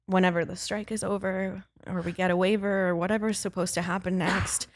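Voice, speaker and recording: A woman's voice: on the low side, little pitch movement, brisk, no room sound, clean studio sound. A woman talking as a guest actor on a podcast, chatty and self-deprecating, laughing easily. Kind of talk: podcast interview chat.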